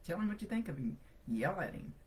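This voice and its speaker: A woman's voice: lowish voice, very animated, brisk, a little mellow, slight background noise, rough recording. A woman psychic medium giving a live reading to viewers, chatty and reassuring as she relays messages.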